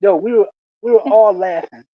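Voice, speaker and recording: Brief: animated male storyteller, high voice, dry muffled recording. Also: normal speed, no echo. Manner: animated, laughing often. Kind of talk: casual storytelling.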